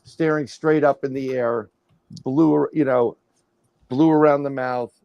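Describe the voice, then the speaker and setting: The voice is a middle-aged man's, medium in pitch, a little slow and creaky, recorded with no room sound and the highs cut off. A guest paranormal researcher on a livestream, he rambles through an animated, casual story with restarts and acted-out quotes.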